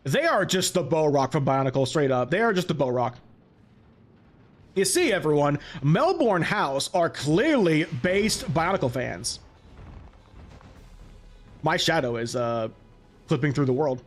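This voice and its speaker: A man's voice: on the high side, sing-song, a little slow, pauses often, faint music behind. A man in his late twenties giving casual, rambling gameplay commentary as a let's player, often correcting himself mid-sentence. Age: late 20s. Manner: rambling and chatty, self-correcting. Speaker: let's play gamer.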